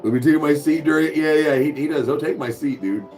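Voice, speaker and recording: A young man casually chatting with his viewers and cooing softly to his dog. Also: on the high side, brisk, gravelly, faint music behind. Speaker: streamer host.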